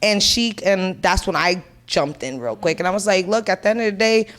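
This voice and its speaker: A woman's voice: medium pitch, brisk, fairly bright tone. A Puerto Rican woman in her thirties, co-hosting a podcast, telling a family story in casual, blunt and profane chat. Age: 30s. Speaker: podcast co-host.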